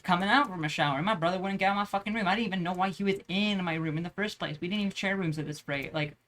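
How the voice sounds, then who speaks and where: A woman's voice: lowish voice, racing, a bit bright, a little hiss or hum. A young woman telling a rambling personal story in a casual vlog, swearing often and using plenty of slang and filler words. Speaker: vlogger.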